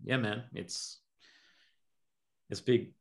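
A man's voice: mid-range voice, steady tone, extremely slow, gravelly. A man co-hosting a podcast, reflective and searching for words, often asking "you know what I mean". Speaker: podcast co-host. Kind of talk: reflective conversational talk.

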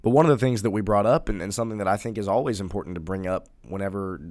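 A man's voice: fairly low pitch, rapid-fire, a little mellow, no echo, studio quality. A man co-hosting a Christian podcast, talking in an earnest, emphatic way and restarting phrases as he rephrases. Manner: earnest, emphatic, repeats words when rephrasing. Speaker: podcast co-host. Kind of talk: casual Christian podcast discussion.

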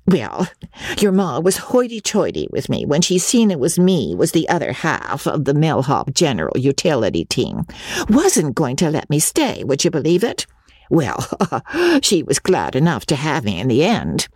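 A woman's voice: low voice, wildly swooping pitch, moderate pace, darkish tone, slightly rough, dry recording, studio quality, exaggerated voice. A woman voicing a chatty, folksy older former stage actress in an audiobook, talking in a rambling, gossipy way. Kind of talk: audiobook character voice.

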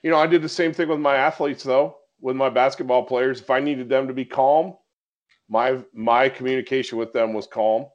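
A man hosting a casual podcast, telling a story with animated, excitable energy. His voice sits at an everyday middle pitch. The recording sounds slightly dull and lo-fi. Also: normal speed. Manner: animated storyteller, gets excited recounting events. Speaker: podcast host.

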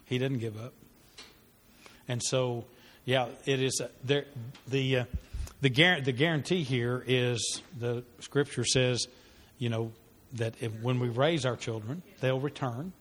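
A pastor leads a church parenting class, teaching sermon-style around a story and speaking earnestly and conversationally with fillers and restarts. His mid-range voice is a bit bright and measured in pace. A long hall reverb colors the recording.

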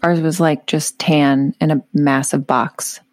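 A woman's voice: low-pitched, fairly even intonation, measured pace, darkish tone, dry recording, studio quality. A woman co-hosting a casual podcast chat, teasing and joking. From Minnesota. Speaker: podcast co-host.

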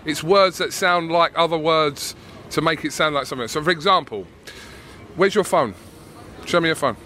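A man's voice: fairly high pitch, normal speed, sharp tone, a little hiss or hum. An English man with a British accent, casually interviewing people outdoors and teasing them playfully. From England. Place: outdoors on a city street.

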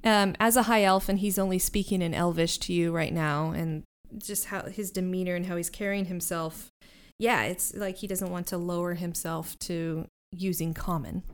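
A woman's voice: on the low side, fairly even intonation, normal speed, clean tone. A woman narrating a tabletop role-playing game as game master, describing scenes and laughing often.

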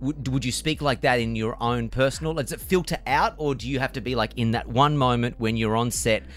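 A man with an Australian accent hosting a radio interview, teasing and joking in quick playful chatter. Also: mid-range voice, fairly bright tone, a little hiss or hum. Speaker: radio host.

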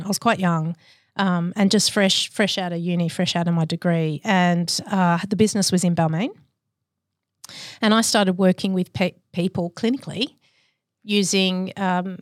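A woman's voice: on the low side, no room sound, clean studio sound. Candid woman telling her story. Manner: candid, reflective, measured. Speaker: guest. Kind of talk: podcast interview storytelling.

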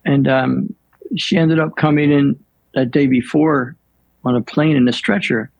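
Older male priest, gravelly and husky, unhurried reflective storyteller in a dry studio. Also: mid-range voice, steady tone, no room sound, highs cut off. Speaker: priest guest. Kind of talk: storytelling in an interview.

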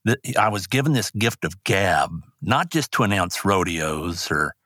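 Older male guest, rodeo announcer type, low-pitched, dry close sound, earnest storyteller. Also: lively intonation, a little slow, bright, forceful tone, dry recording. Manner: earnest, rambling anecdotes with restarts. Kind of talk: personal storytelling interview.

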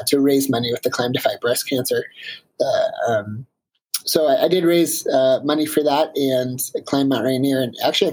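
Man, interview guest, husky voice, animated storytelling, lots of fillers. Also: mid-range voice, poor audio.

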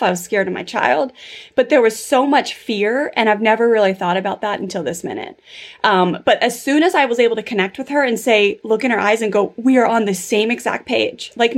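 A woman in her thirties hosting a podcast, telling a personal story in a chatty way full of fillers. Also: on the high side. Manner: chatty, filler-heavy storytelling with lots of 'like' and 'super'. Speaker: podcast host. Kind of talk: casual interview chat.

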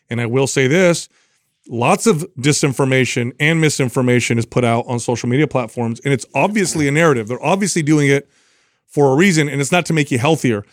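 A podcast co-host in his forties talks emphatically in a casual discussion, often repeating words as he launches into sentences. His voice is medium-pitched. The studio-quality recording has no room sound.

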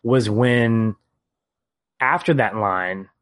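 A man's voice: on the low side, extremely slow. A man co-hosting a casual film podcast, earnestly retelling scenes and his reactions. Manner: earnest, storytelling recap. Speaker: podcast co-host.

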